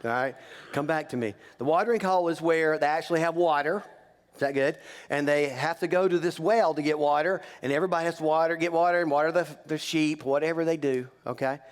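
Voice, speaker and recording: A man's voice: on the high side, quick pace. A man preaching as a pastor, telling a story in a joking, conversational way and teasing the congregation. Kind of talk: humorous sermon storytelling. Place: church sanctuary. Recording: long reverb of a church hall.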